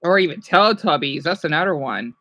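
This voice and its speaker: A woman streamer reacting to videos in casual, rambling chat, excitable and talking back to her viewers. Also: low-pitched, brisk, no room sound.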